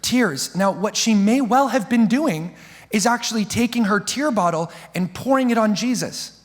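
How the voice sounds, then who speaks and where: A young man preaching a sermon as pastor, impassioned, slowing down to stress key phrases. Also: high voice, expressive. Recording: long hall reverb.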